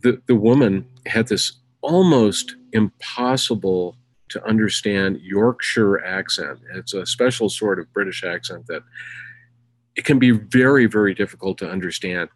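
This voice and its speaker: A man's voice: lowish voice, a little slow, low-quality recording. A middle-aged American man co-hosting a casual chat show, telling rambling stories full of fillers. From United States. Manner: rambling, filler-heavy storytelling. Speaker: co-host.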